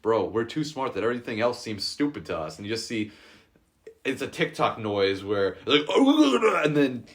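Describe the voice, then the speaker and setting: A man's voice: on the low side, normal speed. A young man co-hosting a casual podcast, telling loose, profane stories and laughing often. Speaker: podcast co-host. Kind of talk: casual chat.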